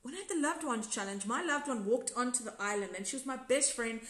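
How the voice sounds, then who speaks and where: A woman's voice: a little high, fast, a bit bright. Chatty South African woman in a roomy space. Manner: rambling, self-correcting, candid. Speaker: episode reviewer and former contestant. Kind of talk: casual live recap chat reading viewer comments. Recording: roomy echo.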